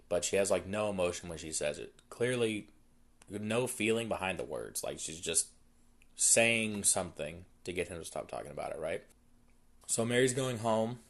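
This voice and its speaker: A man's voice: deep voice, a bit bright. A young man hosting a podcast, retelling a movie plot in a rambling, casual way full of fillers and quoted asides. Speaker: podcast host.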